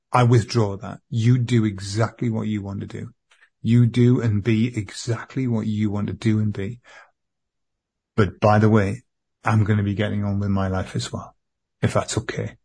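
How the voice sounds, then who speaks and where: Guy, low gravelly husky voice, earnest and halting, keeps repeating himself. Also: darkish tone. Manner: earnest, repetitive, halting with restarts. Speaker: client in a therapy session. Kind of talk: emotional spoken address to an empty chair.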